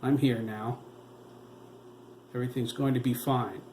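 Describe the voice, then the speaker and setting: A man's voice: medium pitch, fairly even intonation, measured pace, a little mellow, close to an everyday voice. A man voicing a protective father who firmly confronts his wife in a storybook reading. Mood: stern. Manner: firm, confronting. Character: protective, stern adult father. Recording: roomy echo, faint noise.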